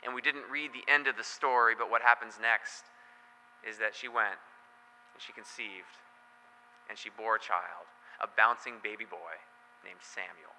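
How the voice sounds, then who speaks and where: Pastor guy preaching, chatty storytelling, very bright voice, long echo in a big hall. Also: fairly low pitch, normal speed, a little hiss or hum. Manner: conversational storytelling with joking asides. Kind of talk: sermon. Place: church.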